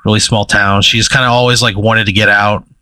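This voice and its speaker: Bright-voiced young man rambling a made-up story. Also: fairly low pitch, flat delivery, brisk, dry recording, low-quality recording. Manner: rambling, full of "like" and "you know". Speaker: podcast co-host. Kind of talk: improvised storytelling.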